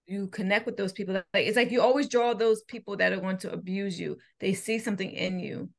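A woman's voice: medium pitch, fairly quick, creaky. A woman co-hosting a podcast, chatting casually and teasing with lots of laughter. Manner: animated, laughing, playful teasing. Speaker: podcast co-host. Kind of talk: casual chat.

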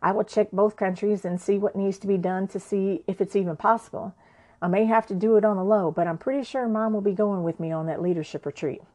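A woman's voice: medium pitch, a little fast, a little mellow. A woman narrates her own story in a frank, everyday voice. She talks conversationally and swears without holding back.

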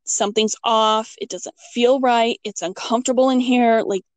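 A middle-aged woman telling a ghost story in casual chat, acting out her own quotes with big jumps in pitch. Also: steady tone, normal speed, no room sound.

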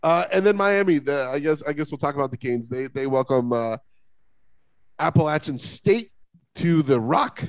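Sports podcast co-host, gravelly voice, swinging pitch, dry close mic. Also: male voice, normal speed, no echo. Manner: rambling, animated, many fillers and restarts. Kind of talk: casual sports talk.

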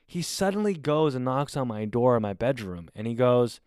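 A man in his twenties telling a story casually, in an animated and exasperated way with plenty of swearing. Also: mid-range voice, moderate pace, clean tone, dry recording, studio quality. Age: 20s. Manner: animated, profane, exasperated retelling. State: recovering from covid.

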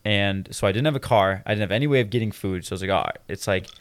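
A man's voice: lowish voice, fast talker, no room sound. A man co-hosting a podcast, telling a story in casual, profane chat. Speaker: podcast co-host.

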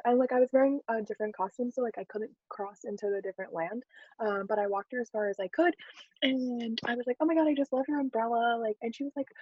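Woman, podcast co-host, casual chat, fairly high voice, dry lo-fi sound. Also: husky, no echo. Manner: chatty, animated storyteller with many "like"s.

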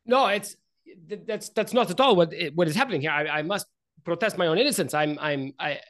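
Guy doing a nervous rich noble, stammers a ton, pitched up higher than his normal voice. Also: lively intonation, a little fast, fairly bright tone. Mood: protesting. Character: flustered wealthy noble man, stammering apologies.

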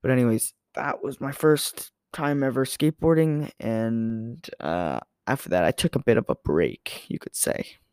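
Young dude rambling thru stories, like, tons of fillers, dry close sound. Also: male voice, mid-range voice, lively intonation, unhurried, a little mellow, clean tone, no echo. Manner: rambling, filler-heavy, self-correcting. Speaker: podcast host. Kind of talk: casual storytelling monologue.

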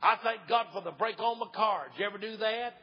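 An older evangelist man with an East Tennessee Southern accent, preaching an old-time revival sermon in a folksy storytelling way that swells into shouts. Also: high-pitched, fairly quick, slightly rough. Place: church sanctuary. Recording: dull lo-fi church recording with long reverb.

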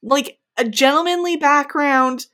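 High bright playful young woman. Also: measured pace. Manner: playful, exaggerated, giggly. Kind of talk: casual chat.

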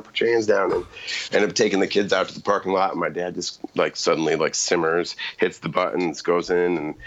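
A man's voice: fairly low pitch, a bit bright, dull audio. A middle-aged man on a podcast telling a long, rambling story in casual chat, often correcting himself and laughing.

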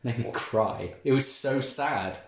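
A man trading sarcastic, deadpan jokes in casual banter. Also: medium pitch, slow, reverberant.

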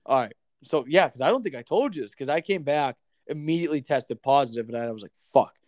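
A man's voice: medium pitch, quick pace, no echo. A man telling a long story in casual chat, swearing often and acting out the other people in it. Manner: profane, animated storyteller.

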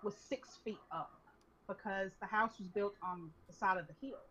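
A young woman casually telling an animated story to a friend, swearing freely. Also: medium pitch, normal speed, slight background noise. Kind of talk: casual chat. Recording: dull lo-fi recording.

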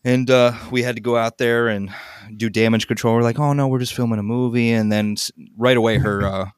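A man's voice: medium pitch, steady tone, fairly quick, clear, resonant tone, no room sound, studio quality. A man, a filmmaker guest on a podcast, telling casual on-set anecdotes with lots of ums and laughs.

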